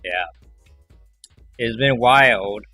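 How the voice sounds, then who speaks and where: A man hosting a livestream, chatting casually in a rambling way and acting out callers in animated voices. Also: mid-range voice, extremely slow, soft background music. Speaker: livestream host.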